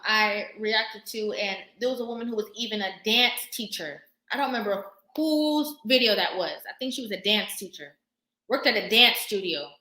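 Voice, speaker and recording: A woman vlogger talking casually to camera, sassy and animated, laughing often. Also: fairly high pitch, echoey room.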